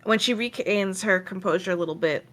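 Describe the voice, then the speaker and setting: Bright-voiced woman game master. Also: mid-range voice, brisk. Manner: hesitant, with many fillers. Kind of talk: casual tabletop narration.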